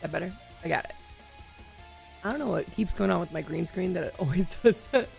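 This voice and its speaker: A woman hosting a live stream in casual chat, talking to her viewers and laughing often, her voice still a little hoarse. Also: on the low side, animated, brisk, darkish tone, faint music behind. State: slightly hoarse, voice recovering. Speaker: livestream host.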